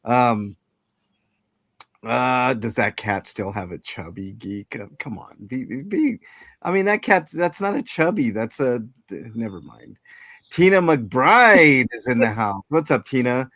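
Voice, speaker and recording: A man's voice: mid-range voice, expressive, measured pace, fairly bright tone, no echo, studio quality. Rambling man hosting a livestream. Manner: rambling, lots of fillers and restarts. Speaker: livestream host. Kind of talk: casual live chat.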